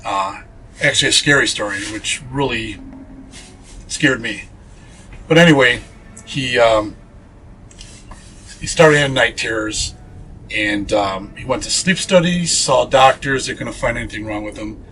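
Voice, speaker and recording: A man's voice: mid-range voice, measured pace, pauses often, sharp tone, a little hiss or hum, low-quality recording. A man being interviewed as a paranormal investigator, telling a ghost story earnestly, with many fillers and restarts.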